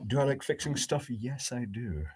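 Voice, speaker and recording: A man building a high-voltage circuit live at his workbench, thinking aloud, answering viewers' chat and dropping dry jokes. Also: animated, moderate pace, background noise. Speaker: electronics hobbyist host. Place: home electronics workbench.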